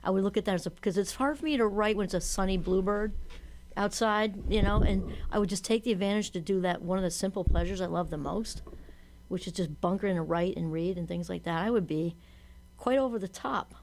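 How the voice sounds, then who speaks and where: A woman hosts a relaxed podcast conversation in a chatty, animated way. Her voice sits in a middle register, and she often slips into little acted quotes as she talks. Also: medium pitch, brisk, slight background noise. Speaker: podcast host. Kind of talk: casual conversation.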